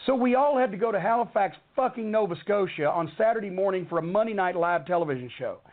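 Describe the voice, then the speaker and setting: A middle-aged man with a fairly high voice tells a long, rambling backstage story, swearing freely and getting worked up as he goes. The sound is thin and tinny, like a phone line. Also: expressive, quick pace. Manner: heated, cursing, rambling storyteller. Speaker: wrestling storyteller. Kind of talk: profane anecdote on a talk show.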